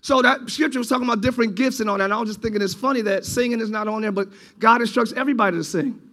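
A pastor preaching a sermon to his church, moving between loud, drawn-out shouted lines and quiet, close, conversational stretches. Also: very high voice. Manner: preaching, swings from shouting to quiet intimate talk.

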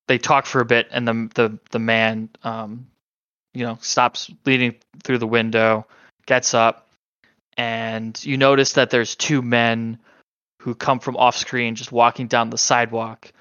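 A man runs a tabletop horror game at an unhurried pace, pausing often and filling the gaps with ums. His voice is bright and smooth but sounds a little dull and lo-fi, in a dry room. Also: mid-range voice, little pitch movement, no echo. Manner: halting, hesitant narration with many fillers. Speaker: game master.

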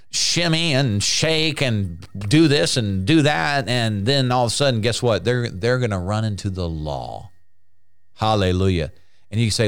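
A man's voice: on the low side, lively intonation, a little slow. A man preaching a sermon in an emphatic, repetitive way, restarting phrases and calling out hallelujah.

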